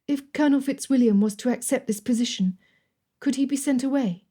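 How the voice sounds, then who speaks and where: A woman's voice: high voice, a little fast, warm tone, slightly rough, voice pushed up. A woman voicing a spirited young French dressmaker woman who speaks pertly and forthrightly. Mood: pleading. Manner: pert, forthright.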